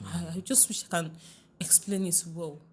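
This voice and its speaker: Nigerian woman coaching with lively warmth. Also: fairly low pitch, moderate pace, breathy edge, soft background music. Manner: lively, laughs often, keeps checking the listener understands. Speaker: relationship coach, guest. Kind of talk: podcast interview.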